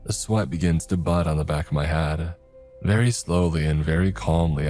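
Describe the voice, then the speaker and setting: A man telling a first-person horror story in a measured, scripted narration, voicing the characters himself. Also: extremely low pitch, fairly even intonation, darkish tone, faint music behind.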